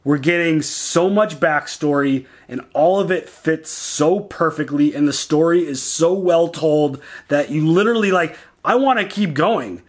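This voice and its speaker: A man co-hosting a casual reaction show, talking excitedly and acting out lines as he retells scenes. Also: on the high side. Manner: excited, quotes characters in quick retellings.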